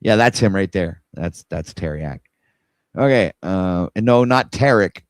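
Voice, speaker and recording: A man's voice: low voice, animated, measured pace, clear, resonant tone, no echo. A man hosting a casual livestream, rambling in an exasperated way and talking to his viewers while he scrolls. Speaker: livestream host.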